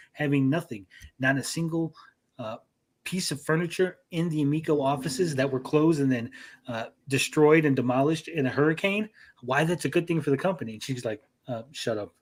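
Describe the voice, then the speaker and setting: A man co-hosting a livestream podcast, talking bluntly and profanely and mocking people with put-on quotes. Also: medium pitch. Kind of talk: profane, blunt casual chat.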